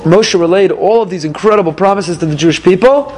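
A male rabbi teaching a weekly Torah class, animated and acting out dialogues in little quoted voices. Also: high-pitched, quick pace.

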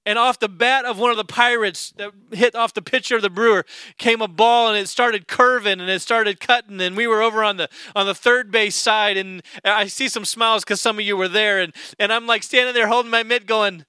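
A man's voice: high voice, fairly even intonation, brisk, bright, forceful tone, clean tone, no echo. A middle-aged man preaching a sermon, telling a story with animation and acting out the voices of people in it. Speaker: pastor.

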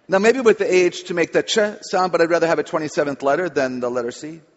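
Her deep voice moving at a quick pace, a woman author who speaks on children delivers a humorous, chatty, playful talk to a live audience. The large hall makes the recording echoey, dull, and lo-fi.

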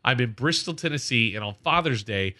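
A man's voice: medium pitch, lively intonation, brisk, pushed and bright. A man in his forties, a podcast co-host, chatting casually and telling rambling stories, often repeating himself. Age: 40s. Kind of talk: casual chat.

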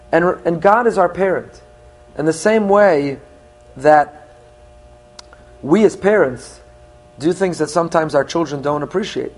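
Rabbi delivering a sermon, middle-aged man, slightly high voice, earnest, Hebrew phrases in English. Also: normal speed, pauses often. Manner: earnest teaching, with rising emphasis on key points.

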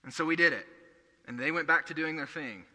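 Young male pastor, earnest storytelling sermon, bright tone, echoey church hall. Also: a little high, a little fast. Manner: earnest, conversational preaching with storytelling.

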